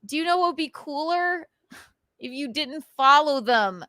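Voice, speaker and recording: A woman host with a transatlantic accent, ranting casually about online comments with crisp enunciation and goofy, theatrical outbursts. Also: high voice, expressive, moderate pace, bright, forceful tone, dry recording, studio quality. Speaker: show host.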